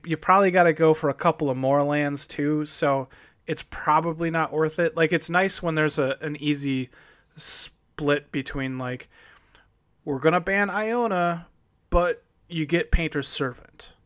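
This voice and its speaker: A man co-hosting a casual card-game discussion, talking in a halting way with many fillers and trailing thoughts. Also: on the high side, a bit bright, dry recording, studio quality. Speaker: podcast co-host.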